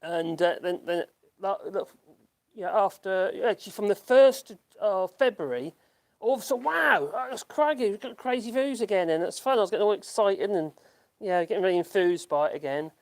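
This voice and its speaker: Hosting a relaxed live stream from home in rural France, this British YouTuber reads viewer comments aloud and rambles in a self-deprecating way. He chuckles often and restarts sentences a lot. His high voice has lively intonation and a moderate pace.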